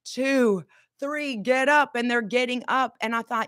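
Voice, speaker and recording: Energetic woman giving a motivational pep talk. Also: on the high side, unhurried, no room sound, studio quality. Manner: energetic, coaxing, has viewers repeat affirmations. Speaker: motivational host.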